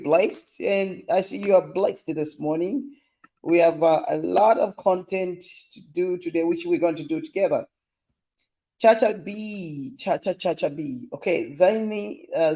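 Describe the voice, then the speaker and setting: A man's voice: fairly high pitch, dark tone. A young man hosting a casual live stream, reading viewer comments in a playful, teasing way and laughing often.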